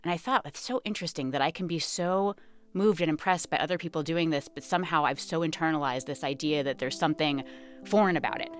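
A woman's voice: deep voice, fast, faint music behind. A woman guest telling her story in an interview, candid and self-mocking, laughing often. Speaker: author and guest.

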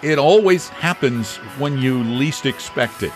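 A man's voice: medium pitch, animated, measured pace, faint music behind. A man co-hosting a talk radio finance show, chatting casually and jokingly, often repeating words. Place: Florida.

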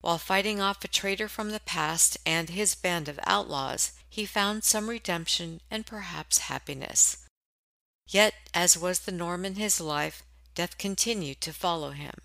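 A woman reading a book summary and introduction in a smooth, even manner. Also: fairly low pitch, unhurried, no room sound. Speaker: audiobook introducer.

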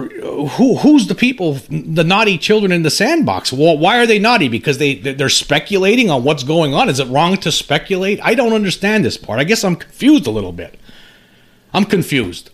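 Halting, animated man in his fifties. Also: on the high side. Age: 50s. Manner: halting, many restarts, rising when indignant. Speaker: UFO commentary channel host. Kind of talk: casual commentary reading an article aloud.

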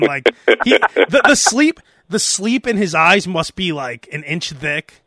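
A man with a high, bright voice hosts a loose, joking talk show. He tells stories with lots of energy. The sound is dry and close to the mic. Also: slow, no echo. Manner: animated storyteller, barks out impressions. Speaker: podcast host. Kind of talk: casual comedic chat.

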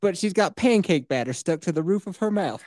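Woman podcast host, low-ish voice with lively swings, teasing and crude, dry close mic. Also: brisk, no room sound. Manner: teasing, laughs often, crude jokes. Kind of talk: casual banter.

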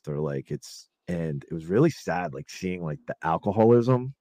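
A low-pitched man talking loosely on a podcast, full of fillers, restarts and profanity. His voice sounds close and dry, with almost no room around it. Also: sing-song, moderate pace, creaky, warm tone, no room sound. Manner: rambling, profane, many fillers. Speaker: podcast host. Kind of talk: casual podcast chat.

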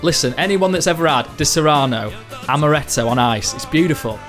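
A man's voice: on the high side, lively intonation, a little fast, music in the background. A man chatting on a football podcast, playfully defending his taste. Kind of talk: casual chat.

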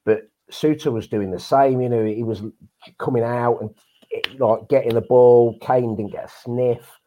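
A man's voice: mid-range voice, fairly even intonation, measured pace, highs cut off. An English man co-hosting a football podcast, chatty and full of fillers. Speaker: podcast co-host. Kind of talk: casual football chat.

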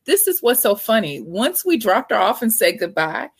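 A woman's voice: fairly high pitch, sing-song, moderate pace, husky, no echo. A woman in her forties, a guest author and parent, talking candidly in a casual interview. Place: Texas.

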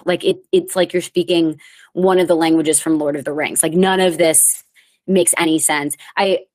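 A woman's voice: low-pitched, moderate pace. Chatty self-mocking woman, thirty. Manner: chatty, rambling, self-mocking, animated in bursts. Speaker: comedian podcast host. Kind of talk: casual solo chat. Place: lives in New York.

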